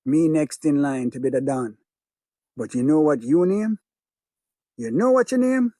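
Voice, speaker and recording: A man voicing a menacing young male ghetto gang boss with a Jamaican accent, slow and taunting. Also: on the high side, expressive, mellow, no echo, studio quality.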